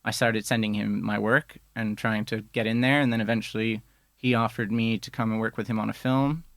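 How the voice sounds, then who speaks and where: A man's voice: on the low side, brisk, no room sound. A man, a film editor guest telling his career story in casual studio chat with fillers. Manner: relaxed storyteller, many fillers.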